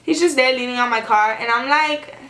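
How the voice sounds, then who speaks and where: A young woman vlogger telling a story in a casual, animated, sarcastic way, filling her talk with "like.". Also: high-pitched, brisk. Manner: animated and sarcastic, heavy use of "like". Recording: echoey room.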